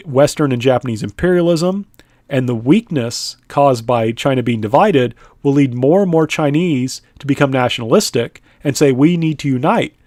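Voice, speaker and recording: A man's voice: mid-range voice, darkish tone, no echo, clean studio sound. A man teaching a history lesson in a conversational lecture style. He often checks in with "right?", uses many "uh" fillers, and sometimes speaks in the voice of the people he describes.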